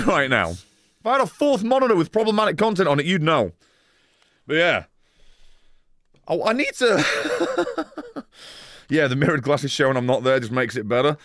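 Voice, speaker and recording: A man's voice: fairly high pitch, big pitch swings, normal speed, pauses often, fairly bright tone, no echo, clean studio sound. A man casually chatting on a live stream, rambling and swearing, laughing often as he reads chat.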